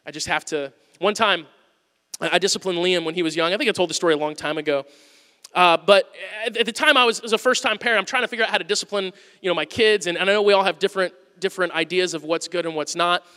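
A man preaching a conversational sermon, going from loud emphasis to quiet asides. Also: sits high, fast, clean tone. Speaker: pastor. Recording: long hall reverb.

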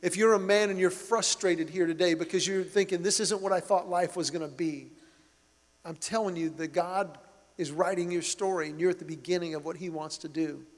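High-voiced middle-aged pastor preaching. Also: male voice, steady tone, fairly quick. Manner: earnest, emphatic storytelling with rising emphasis. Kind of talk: sermon. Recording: long reverb of a large hall.

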